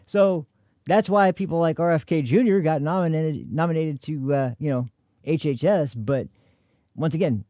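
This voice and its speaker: American guy ranting on his stream, cursing a lot, voice kinda high, dry close sound. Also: normal speed, mellow, no echo. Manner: angry, profane ranting. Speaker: political commentary host. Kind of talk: livestream commentary reacting to clips.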